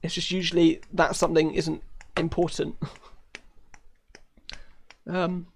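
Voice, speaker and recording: His voice is on the high side and slightly rough, slow with little pitch movement. A British man from the United Kingdom, he chats casually while live-streaming a game, rambling through many fillers and laughing frequently.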